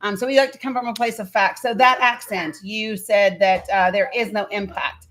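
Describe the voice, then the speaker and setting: A woman's voice: medium pitch, fairly even intonation, normal speed, fairly bright tone. A woman in her thirties hosting a casual livestream, greeting viewers by name and setting ground rules. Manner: greets viewers one by one, talks to her kids off-mic. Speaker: livestream host.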